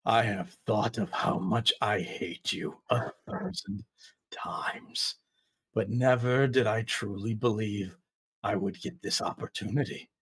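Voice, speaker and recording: A man voicing a spiteful male serpent-man villain in a low, rumbly, whispery, hissing voice, slow and gloating. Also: lively intonation, fairly bright tone, slightly rough, heavily acted.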